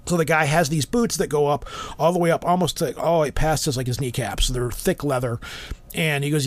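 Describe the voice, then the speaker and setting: A man co-hosting a podcast, telling a story in an animated, rambling way. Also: on the high side, a little fast, no room sound. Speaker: podcast co-host. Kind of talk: casual chat, storytelling.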